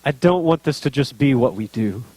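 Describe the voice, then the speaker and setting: A man's voice: medium pitch, expressive, moderate pace, a little mellow, no echo. A man preaching a sermon as pastor, speaking earnestly and building to emotional intensity.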